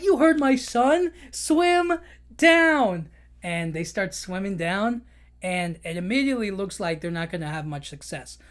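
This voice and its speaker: A man hosting a podcast, recapping a film in an emotional, chatty way with lots of "you know". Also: sits high. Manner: emotional storytelling, many fillers like "you know". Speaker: podcast host. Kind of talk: casual movie recap.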